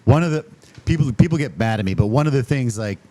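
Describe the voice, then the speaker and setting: A man from Canada hosting a relaxed interview over drinks, telling stories in an animated way and slipping into voices for other people. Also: mid-range voice, quick pace. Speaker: podcast host and cantina owner. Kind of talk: casual chat over drinks.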